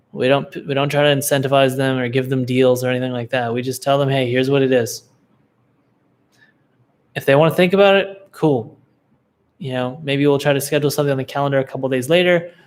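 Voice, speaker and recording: A laid-back young man hosting a live Q&A, giving casual business advice with lots of fillers and restarts. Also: mid-range voice. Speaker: livestream Q&A host, agency coach.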